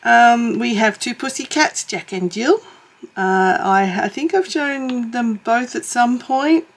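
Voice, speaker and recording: A middle-aged Australian woman chatting casually to her channel while crafting, rambling and correcting herself, with small chuckles. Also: fairly high pitch. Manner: rambling, self-correcting, chuckles as she talks. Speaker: YouTube crafter and vlogger. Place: home, in a suburb.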